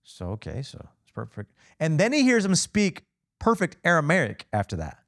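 A male pastor giving a conversational sermon, peppering the congregation with rhetorical questions and expressive asides. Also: fairly high pitch, normal speed, dry recording, studio quality. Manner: casual and expressive.

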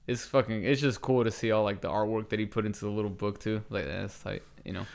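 A man's voice: fairly low pitch, steady tone, quick pace, gravelly. A young man co-hosting a casual podcast chat, laid-back, swearing often and laughing a lot. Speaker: podcast co-host.

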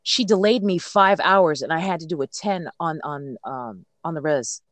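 A truck driver from the United States tells road stories in a casual podcast chat. The voice sits in the middle of the pitch range and is recorded dry and close. The delivery is animated and blunt, with swearing and words repeated when the feelings run high. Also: normal speed, no echo.

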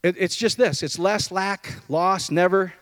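A man preaching an informal sermon, jumping from loud high outbursts to low murmurs and asking the room questions. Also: a little slow, no echo. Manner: conversational, asks the room questions.

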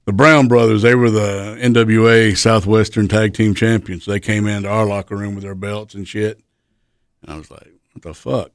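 A wrestler spins crude road stories in a fairly low voice. He swears freely and breaks into laughter mid-story. The sound is dry and close. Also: little pitch movement, moderate pace, no echo. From Chattanooga area, Tennessee. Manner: profane, laughs through his stories. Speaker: professional wrestler guest. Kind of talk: casual podcast storytelling.

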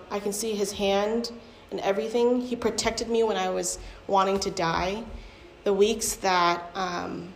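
This young adult woman's voice is medium-pitched and gravelly as she tells her personal testimony in a candid, chatty way full of fillers. Her recording comes from an echoey room with faint ambient noise.

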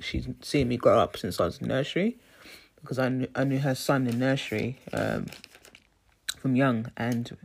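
A woman's voice: rumbling low, a little mellow. A woman telling a rambling story in a casual vlog and laughing often. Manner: chatty, rambling, laughs often, says "you know what I mean". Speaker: vlogger.

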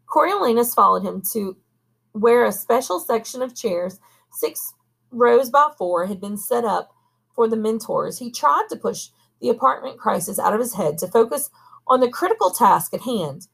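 A woman reading a novel aloud at a steady pace, now and then pausing to correct herself. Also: a little high, vocal fry, breathy edge. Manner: steady reading with occasional coughs and self-corrections. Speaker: audiobook reader. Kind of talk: amateur audiobook reading.

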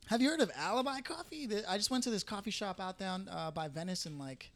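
A man's voice: high voice, animated, fast talker, a bit bright. A man chatting casually on a podcast while gaming, joking and talkative.

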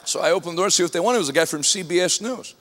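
A man with a high voice delivers a sermon, trading jokes and stories with a congregation. He builds from easy storytelling to ringing shouts. His voice rings out under a long hall reverb. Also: racing. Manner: humorous storytelling, rising to shouts. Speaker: preacher.

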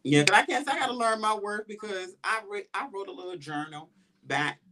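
With a high voice and a slightly fast pace, a man telling stories on his casual podcast quotes his past self loudly and acts out the lines with energy.

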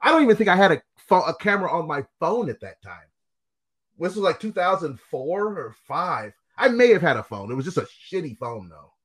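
High, lively man telling blunt stories. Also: a little fast, breathy edge. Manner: blunt, profane storyteller. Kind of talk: casual chat.

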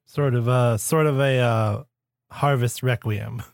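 A man's voice: medium pitch, steady tone, measured pace, vocal fry, no room sound, clean studio sound. A man co-hosting a podcast, chatting playfully and laughing easily. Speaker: podcast co-host. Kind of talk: casual podcast chat.

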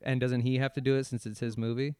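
A playful man co-hosting a podcast, laughing easily as he chats. His voice is smooth and clear, mid-pitched, and recorded dry. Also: little pitch movement, fast, warm tone, no room sound. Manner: laughs easily, playful, doing a mock French accent at times. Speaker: podcast co-host. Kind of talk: casual chat.

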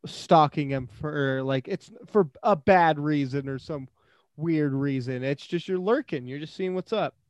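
Man, podcast co-host, casual chat, animated, joking, slightly high, dry sound. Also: dry recording. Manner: animated, joking, quick to jump in.

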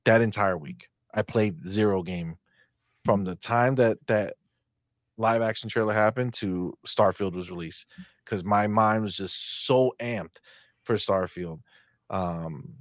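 A man co-hosting a casual gaming chat, animated, dropping low for asides. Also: slow pace, dry recording, studio quality.

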